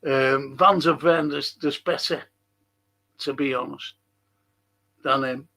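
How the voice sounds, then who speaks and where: Slow, gravelly man chatting. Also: mid-range voice, fairly even intonation, bright, forceful tone. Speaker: livestream host reading viewer chat. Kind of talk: casual livestream chat.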